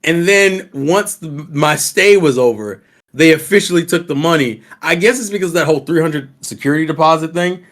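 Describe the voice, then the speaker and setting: A man with a somewhat high voice talks on a podcast in a loose, casual way. He swears often and walks through his explanations at length, like he is talking with friends. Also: brisk, a bit bright. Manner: laid-back, profane, explains things at length. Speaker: podcast co-host. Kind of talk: casual group chat.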